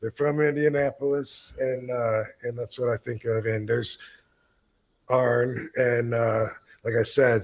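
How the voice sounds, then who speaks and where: A man's voice: mid-range voice, creaky. A man in his fifties telling a long, rambling story in casual chat, swearing freely and laid-back. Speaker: podcast host telling stories.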